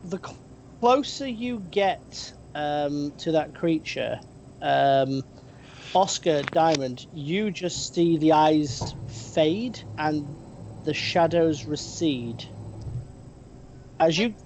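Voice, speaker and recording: Slow halting gm narrating the scene, lots of ums, faint rumble. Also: lively intonation, a little mellow, rough recording. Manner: hesitant, many ums and restarts. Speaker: game master. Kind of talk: narrating a tabletop game.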